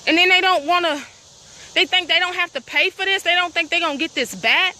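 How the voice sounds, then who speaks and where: A woman's voice: extremely high pitch, fairly quick, pushed and bright, a little hiss or hum. A woman, out of breath, walking a rural trail and vlogging into a phone, upset and indignant, asking her viewers pointed questions. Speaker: property owner filming a vlog. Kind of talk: walking vlog, talking to viewers. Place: outdoors on rural land, crickets.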